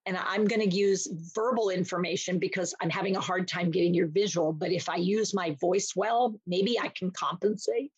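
Animated woman acting out little scenes. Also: lowish voice, normal speed, few pauses, slightly rough, no room sound, muffled recording. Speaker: dementia care educator. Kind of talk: podcast interview.

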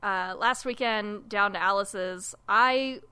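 Bright, giggly woman chatting. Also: medium pitch, slow, clear, resonant tone. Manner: giggly, animated storyteller. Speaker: podcast co-host; parent. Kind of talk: casual chat.

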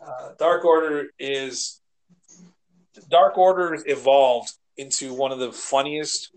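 A man co-hosting a casual podcast, rambling and animated, swearing and acting out quotes as he retells scenes. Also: medium pitch, slow pace. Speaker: podcast co-host. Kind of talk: casual chat.

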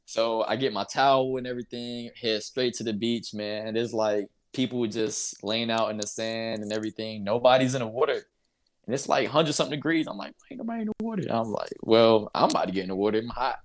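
A young man with a low-pitched voice tells a story as a guest in an interview. He talks casually and with energy, laughs along the way and acts out the other people's lines. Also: fairly quick. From North Carolina. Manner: animated, laughs while telling, acts out voices. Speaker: interview guest, basketball player.

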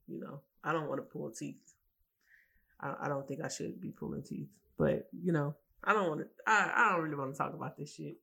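Woman, podcast host, gravelly, tired, emotional, rambling, profane. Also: sits low, fairly bright tone. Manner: rambling, profane, many restarts. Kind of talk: casual solo podcast rant.

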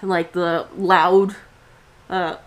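A woman's voice: lowish voice, level tone, drawn-out words. A young woman co-hosting a podcast, telling a story in casual chat with a blunt, profane, ranting manner. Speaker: podcast co-host.

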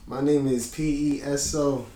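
A man's voice: mid-range voice, steady tone, a little slow, mellow. Rapper guy guesting on a podcast, kinda far from the mic, echoey room with a little hiss. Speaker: guest artist and producer. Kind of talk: casual chat. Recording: echoey room, a bit off mic, faint noise.

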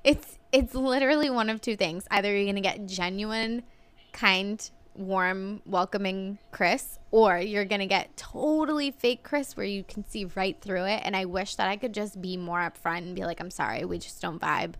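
Uma mulher, coapresentadora de podcast, conversando de forma casual e contando histórias com imitações expressivas. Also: female voice, normal speed, no room sound. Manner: expressive storyteller, mimics people in big pitch jumps. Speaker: podcast co-host. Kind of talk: casual chat.

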